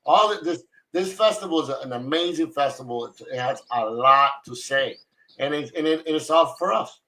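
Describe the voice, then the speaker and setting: A man's voice: on the high side, moderate pace, sharp tone, low-quality recording. A man hosting a live online Torah study, talking fervently in a casual way and often repeating himself. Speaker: host of a Torah study broadcast. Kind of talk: casual Bible study discussion.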